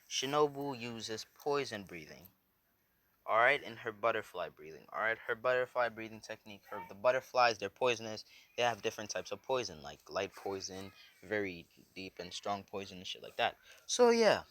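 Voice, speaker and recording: A man's voice: on the low side, lively intonation, normal speed, fairly bright tone, no echo. A man casually telling a made-up fan story, rambling with fillers and swearing. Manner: rambling, loose, swears, lots of "so yeah".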